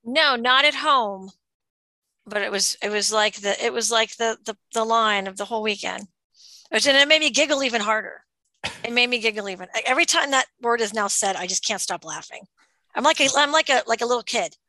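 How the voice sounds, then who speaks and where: Playful woman on a podcast, higher bright voice, laughs a lot. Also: a little fast, dry recording. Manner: giggly, playful. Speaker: co-host. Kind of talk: casual podcast banter.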